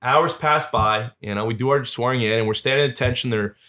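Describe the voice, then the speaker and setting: A man, telling lively stories as a podcast guest and acting out the voices of the people in them. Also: medium pitch, fairly quick. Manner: animated storyteller, acts out quoted voices. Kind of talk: casual storytelling interview.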